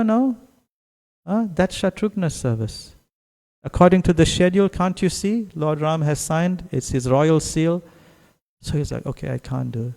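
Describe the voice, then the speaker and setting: South African man telling a sermon story. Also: on the high side. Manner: animated storyteller who laughs often. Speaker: guest speaker at a temple program. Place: temple hall. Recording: long hall reverb.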